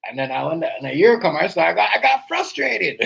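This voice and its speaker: A man hosting a live stream, rambling through casual reaction commentary and swinging between loud outbursts and quiet asides. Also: a little high, lively intonation, a little fast, vocal fry, husky, rough recording. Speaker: stream host. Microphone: live stream setup.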